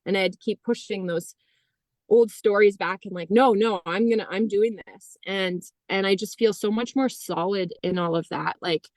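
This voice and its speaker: A woman in her thirties telling a personal story in conversation, animated, quoting herself and others and saying "like" often. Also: mid-range voice, moderate pace, no echo. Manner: animated, heavy use of "like", acts out quoted dialogue. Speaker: podcast guest.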